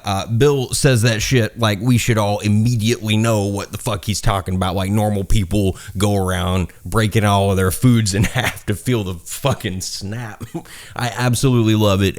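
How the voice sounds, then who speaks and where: A man with a Southern accent talks through a review in a loose, rambling way, swearing freely and poking fun at himself. His voice sits a bit low. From South Carolina, US. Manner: rambling, profane, self-mocking, laughs at own jokes. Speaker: gun reviewer. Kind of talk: casual review talk.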